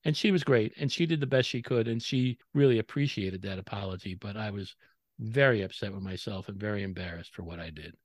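Loud, emphatic male podcast co-host. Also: fairly low pitch, a little fast, no echo, clean studio sound. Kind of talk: casual chat and storytelling.

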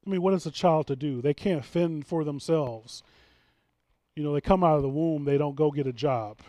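A man's voice: on the high side, moderate pace, warm tone, dry recording, clean studio sound. A man preaching a sermon as pastor, earnest and emphatic, often restarting his phrases.

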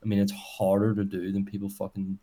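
A man's voice: lowish voice, completely flat delivery, a little fast, warm tone. A young man with a Northern Irish accent, co-hosting a podcast in rambling, swearing casual chat with mock rants. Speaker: podcast co-host.

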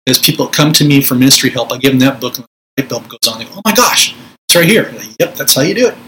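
A man's voice: medium pitch, racing, fairly bright tone, a little hiss or hum, rough recording. Conversational man preaching on spiritual warfare. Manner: conversational preaching, acts out prayers with commanding force. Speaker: Pentecostal minister.

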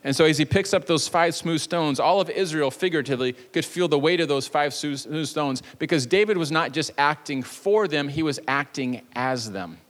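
A man delivers a sermon in a church, his slightly raised voice ringing out with a long reverb tail. He tells the story in a loose, playful way, breaking off for quick jokes before coming back to his point. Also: fairly high pitch. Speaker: pastor. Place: church sanctuary.

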